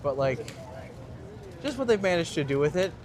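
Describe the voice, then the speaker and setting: A man's voice: fairly high pitch, normal speed. A man hosting a walking tour livestream, chatting and joking casually as he walks city streets. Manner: joking, lively banter. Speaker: tour guide and streamer host.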